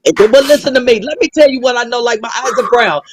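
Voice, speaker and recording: A woman's voice: fairly high pitch, fast talker, noisy background. A woman guest on a talk show, telling family stories in a playful way and laughing often between sentences. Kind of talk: casual chat.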